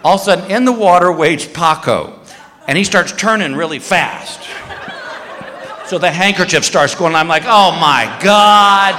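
A man doing a stand-up comedy routine, telling a story with lively shouts and voices. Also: a little high, moderate pace. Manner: animated storytelling, many put-on shouts. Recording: live club with long reverb and faint noise.

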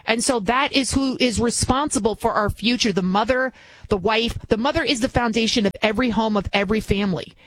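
Filling in on talk radio, this middle-aged New York-area woman speaks a little high and fairly quickly. Her opinion monologue is blunt, emphatic and full of mockery.

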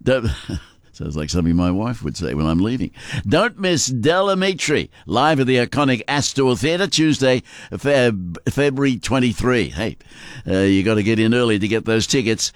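A man's voice: mid-range voice, sing-song, moderate pace, dry recording, clean studio sound. Chatty man on radio. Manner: joke-telling, chatty, with small laughs. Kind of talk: casual radio chat and live reads. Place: radio studio. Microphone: close studio mic.

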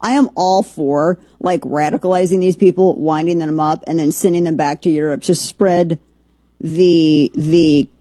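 A woman's voice: low-pitched, steady tone, measured pace, mellow, no echo. A woman hosting a podcast in a rambling, casual commentary with sarcastic asides. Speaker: podcast host.

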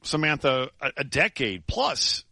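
A man hosting sports radio, telling a story in animated chat full of restarts and laughs. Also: medium pitch, unhurried, vocal fry.

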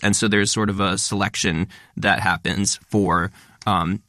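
Fast-talking male creator, low-ish voice, dry close sound, emphatic explainer. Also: steady tone, sharp tone, no room sound. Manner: fast-talking, explanatory, stresses many words. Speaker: guest, content creator. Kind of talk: conversational interview.

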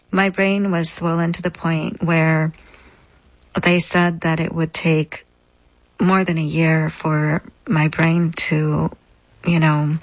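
A woman guest in an interview, recounting a personal experience in a measured, deliberate way with frequent pauses. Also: lowish voice, poor audio. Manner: measured, deliberate, pausing often. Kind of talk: reflective personal storytelling.

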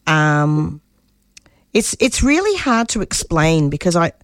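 In a clean studio recording free of room sound, a deep-voiced middle-aged Australian woman takes her time but is very animated. She's a community radio producer being interviewed about personal matters, speaking with passion, frequently restarting, her voice climbing when she's moved.

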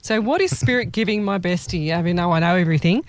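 A woman's voice: lowish voice, expressive, quick pace, dry recording. A woman working as a psychic medium, giving a live reading on a show in a rambling, self-correcting way and laughing often.

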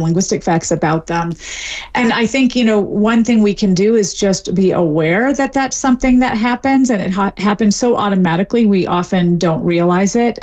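Articulate woman explaining as an expert guest. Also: medium pitch. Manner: articulate, explanatory, lightly laughing. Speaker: linguistics professor and guest. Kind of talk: expert interview answers.

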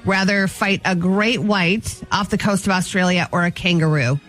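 A woman co-hosting a radio morning show, asking callers playful questions and teasing her co-host with quick comebacks. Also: lowish voice, steady tone, a bit bright, faint music behind. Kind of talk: casual radio banter.

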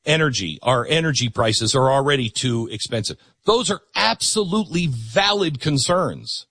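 A middle-aged talk show host delivers an opinionated political monologue, emphatically repeating words to hammer his points home. His pitch swings widely, his fairly bright voice has a slightly husky edge, and the sound is dry and close with no echo.

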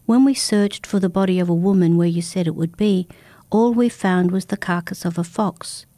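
A woman voicing a grave, patient male monk who speaks slowly and solemnly. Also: lowish voice, warm tone, no room sound, close to an everyday voice.

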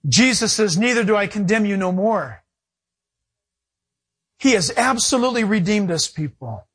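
A male pastor delivers a sermon with a slightly husky edge. His pitch rises and falls widely, and he acts out little scenes of dialogue as he preaches. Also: moderate pace. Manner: animated preaching with acted-out dialogue and laughter.

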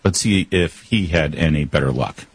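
A man's voice: a bass voice, moderate pace, husky. A man hosting a political commentary show, talking in a sarcastic, emphatic and rhetorical way. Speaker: commentary host.

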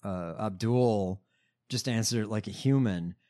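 A woman's voice: extremely low pitch, a little slow, dark tone. Exasperated, swearing woman co-host. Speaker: podcast co-host. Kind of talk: casual political banter.

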